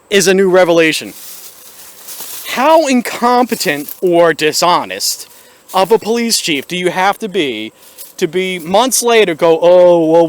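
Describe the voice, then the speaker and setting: A man with a notably high voice rants to his viewers in a vlog, sarcastic and exasperated as he talks them through it. He is recorded on a small built-in camera microphone. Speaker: video host. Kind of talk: ranting vlog commentary.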